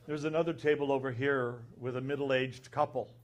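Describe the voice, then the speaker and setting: An abbot tells an anecdote during a conference talk, recounting the dialogue in an unhurried way. He speaks at a medium pitch.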